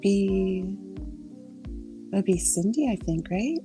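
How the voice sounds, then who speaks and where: Slow gravelly woman hosting a quiz. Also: mid-range voice, expressive, dark tone, faint music behind. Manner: laughs often, runs the quiz and reads out the chat. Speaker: host. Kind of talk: casual quiz chat on a livestream.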